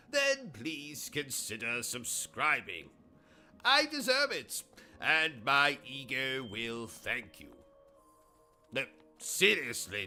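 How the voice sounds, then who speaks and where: A man with a British accent hosting a gaming livestream, delivering pompous, insulting, deadpan absurd comedy. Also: medium pitch. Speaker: gaming streamer host. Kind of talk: comedic in-character livestream monologue.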